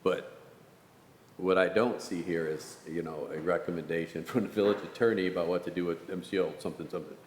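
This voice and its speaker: A man's voice: low voice, fairly even intonation, a little fast, darkish tone. A council member weighing a request aloud, hesitant and wry, thinking as he talks. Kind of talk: council meeting deliberation. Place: council meeting chamber. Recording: echoey chamber with faint hiss.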